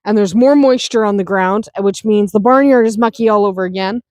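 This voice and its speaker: A woman's voice: medium pitch, brisk, a little mellow, no room sound. A woman chatting through a casual farm vlog, outdoors on a windy farm, often laughing and talking to her animals. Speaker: homestead vlogger.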